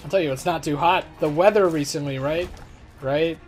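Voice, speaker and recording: Faint music sits under a moderately paced, somewhat high male voice. He's a let's play host in his twenties, wandering through casual game commentary and poking fun at himself.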